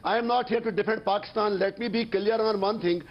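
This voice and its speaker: A man's voice: sits high, fairly even intonation, a little fast, highs cut off. A man arguing as a panelist in a heated TV news debate, insistent and defiant, stumbling over restarts.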